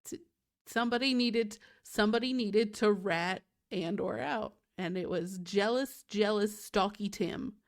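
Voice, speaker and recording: A woman's voice: mid-range voice, unhurried. Chatty woman host, full of "likes". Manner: chatty, fills with "like" constantly. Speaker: podcast host. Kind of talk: casual chat recapping a show.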